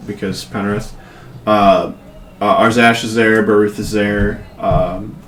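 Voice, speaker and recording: A man's voice: fairly low pitch, fairly even intonation, slow pace, a little hiss or hum. A man narrating as game master in a casual, rambling way full of fillers, in an echoey room.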